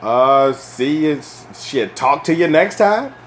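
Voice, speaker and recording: A young man hosting a casual solo chat, rambling and swearing, with lots of fillers and animated bursts when he rants. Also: a little high, slow pace, a little hiss or hum. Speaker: podcast host.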